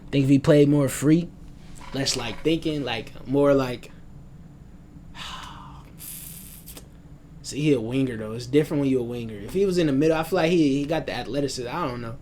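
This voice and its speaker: A man's voice: mid-range voice, normal speed, pauses often, a little mellow, slight background noise. Rambling young man with slang. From United States. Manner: loose, slangy, rambling and self-aware about rambling. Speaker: sports vlogger. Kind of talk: casual rambling sports predictions. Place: at home.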